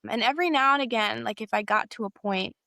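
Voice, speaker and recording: A woman's voice: fairly high pitch, fast talker, bright, forceful tone, no echo, studio quality. A young adult woman sharing a personal story in a candid, hesitant way, with frequent fillers and self-corrections.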